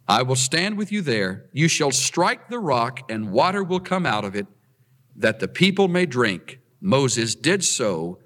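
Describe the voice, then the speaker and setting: A male preacher delivering a sermon at an unhurried pace, his voice swooping up and down with animated emphasis. He reads passages aloud, then explains them, often pushing his pitch high on key words. A long reverb trails his voice as if in a large hall.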